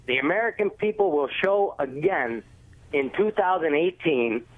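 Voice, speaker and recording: A man's voice: on the high side, expressive, moderate pace. A man from the Cleveland area calling in to a radio show, laying out his points with confident insistence. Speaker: caller. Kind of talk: phone-in caller making a point. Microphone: telephone. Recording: tinny phone line.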